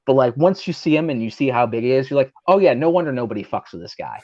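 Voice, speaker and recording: Over drinks on a talk show, a man who wrestles professionally rambles through a foul-mouthed story stuffed with fillers, impersonating those he quotes. He speaks quickly with lively intonation in a medium-pitched, darkish voice, and the sound is lo-fi.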